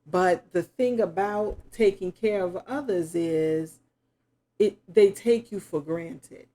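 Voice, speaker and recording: A middle-aged woman giving a spoken tarot reading, slow and reflective, musing aloud with sudden exclamations. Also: on the low side, dark tone. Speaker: tarot reader.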